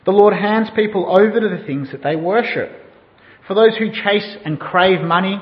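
A man preaches with a high voice, asking his listeners questions and weaving a story into the sermon. His words ring out with a long hall reverb, and the recording has a dull, muffled tone. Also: normal speed.

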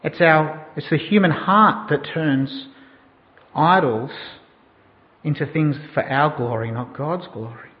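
High-voiced preacher in an echoing hall. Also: male voice, takes it slowly. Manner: asks the listeners questions. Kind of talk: sermon with storytelling. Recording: dull sound in a reverberant hall.

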